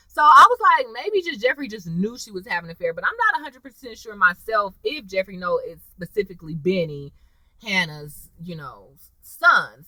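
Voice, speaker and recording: A woman casually recapping a TV episode, acting out the characters' lines in a lively, chatty way. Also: fairly high pitch, no echo, poor audio. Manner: animated, acts out characters' lines. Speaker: TV episode reviewer.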